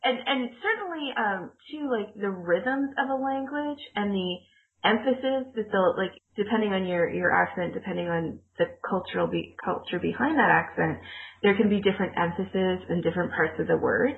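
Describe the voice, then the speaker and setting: A woman co-hosts a relaxed podcast conversation, rambling along and laughing frequently while correcting herself. She speaks at normal speed in a mid-range voice with vocal fry, over tinny, phone-like audio.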